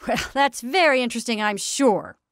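A woman voicing a brisk, condescending male county attorney in a read-aloud story. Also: a little high, animated, no echo, studio quality, pitched above the performer's own voice, lightly acted. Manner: tolerant, brisk, dismissive.

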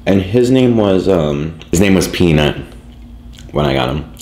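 A man with an extremely low voice rambles through a casual story, full of "like" and restarts. His talk sounds loose and unscripted. The room around him is echoey. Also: animated, a little slow, a little mellow. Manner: rambling, filler-heavy, lots of "like". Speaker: vlogger.

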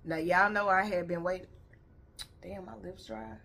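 A woman's voice: medium pitch, fairly even intonation, moderate pace, creaky, a bit bright. A woman vlogger chatting casually to her viewers, blunt and profane, tired and her voice a little worn. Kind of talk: casual reaction video chat. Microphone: headphones on.

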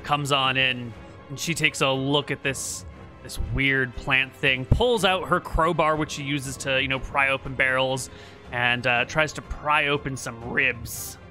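A man's voice: medium pitch, steady tone, a little slow, pushed and bright, faint music behind. A man playing a tabletop game, playfully narrating what his characters do. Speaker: player.

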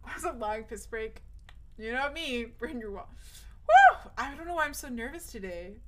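A young female streamer talks a little fast with lively intonation in a highish voice, and the recording is very noisy. She rambles to her live viewers, restarts often, curses, and sounds nervous with a cracking voice.

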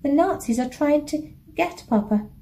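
A woman voicing a young girl who is anxious and earnest, in a raised childlike pitch, reading from a storybook. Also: lively intonation, a little slow, warm tone.

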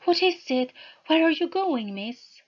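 A woman's voice: high voice, expressive, unhurried, dull audio, pitched above the performer's own voice. A woman reader voicing a helpless, anxious homeless young woman who clings to her protector, with a raised, pleading voice.

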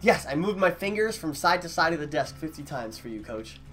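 A man's voice: on the high side, sing-song, a little fast, a bit bright, soft background music. A man streaming and trading goofy, profane banter with friends on a desk mic. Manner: goofy, joking, swears freely.

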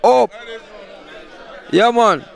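A man with a Jamaican accent, a party promoter giving loud hype shout-outs in patois to guests at his outdoor event. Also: very high voice, expressive, slow, creaky, a faint crowd.

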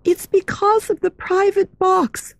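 Meg Giry, a woman doing a high frightened girl. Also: steady tone, a little slow, gravelly, no echo, full character voice. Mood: hushed. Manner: hushed, urgent, fearful. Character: thin scared young ballet girl, secretive.

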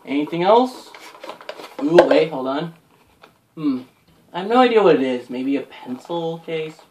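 Excitable young guy unboxing. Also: fairly high pitch, a little slow, slight background noise. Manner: excitable, gushing, lots of "like" and "oh my gosh". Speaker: unboxing vlogger. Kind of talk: casual unboxing commentary.

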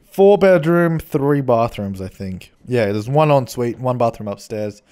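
Unhurried and animated, a young man with a medium-pitched, dark-toned voice talks over footage of a building game for his channel. He rambles chattily, mocks himself, and restarts his sentences frequently.

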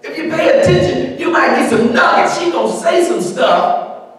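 High-voiced pastor preaching in an echoey hall. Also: male voice, expressive, normal speed, distant mic. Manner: call-and-response preaching, rising to shouts. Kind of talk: preaching a sermon. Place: church sanctuary. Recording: echoey church hall, mic from afar.

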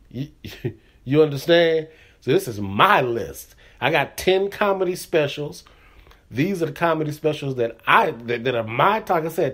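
A middle-aged man hosting his own comedy podcast, talking loosely and casually with lots of "you know what I'm saying" fillers. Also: mid-range voice. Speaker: podcast host. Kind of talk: casual solo podcast monologue.

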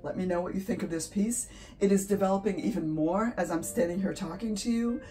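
A woman's voice: medium pitch, brisk, mellow, low-quality recording. A woman hosting an art channel, talking casually to her viewers, emotional and teary, gushing and laughing often. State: teary, sniffly. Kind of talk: casual vlog talk to camera.

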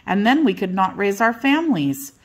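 A woman's voice: mid-range voice, big pitch swings, normal speed. An older woman voicing two motherly old hens who patiently explain how eggs hatch.

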